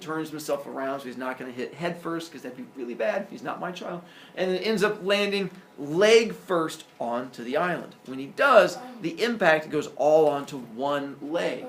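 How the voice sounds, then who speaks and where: A man's voice: fairly high pitch, a little hiss or hum. Joking male teacher in an echoey classroom. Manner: jokey, animated storyteller. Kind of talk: classroom lecture, storytelling. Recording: roomy echo, distant mic.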